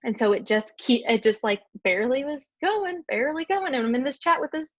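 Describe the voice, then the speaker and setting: A young woman on a group call, giving an emotional, heartfelt testimony to her team, talking fast and filling her sentences with "like". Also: high voice, no echo, highs cut off. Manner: fast, heartfelt, filler-heavy with frequent "like".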